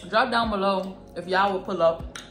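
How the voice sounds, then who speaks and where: A woman's voice: medium pitch, normal speed, fairly bright tone. A woman, co-hosting a casual cooking chat, chatty and teasing. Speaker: co-host of a couple's cooking channel. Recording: echoey room with faint music.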